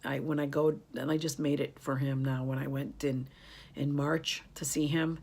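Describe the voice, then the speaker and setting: A woman's voice: low voice, little pitch movement, normal speed, creaky, warm tone. A woman in her fifties chatting casually to camera, rambling and turning emotional as she talks. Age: 50s. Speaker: beauty YouTuber. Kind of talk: casual tag video chat.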